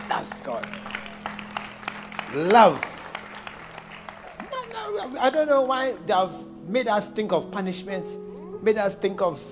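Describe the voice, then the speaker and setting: Animated male preacher. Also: high-pitched. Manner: playful, animated storytelling with laughter. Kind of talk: sermon.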